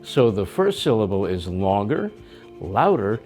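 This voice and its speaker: A man's voice: on the low side, sing-song, a little slow, darkish tone, soft background music. A man with an American accent teaching English pronunciation in a scripted lesson, explaining plainly. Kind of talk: scripted lesson with acted skits.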